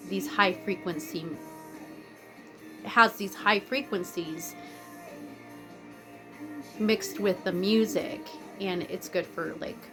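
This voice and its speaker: Rambling, blunt-talking woman vlogger. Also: on the low side. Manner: rambling, digressive, blunt with swearing. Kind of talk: casual chat. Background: faint music playing.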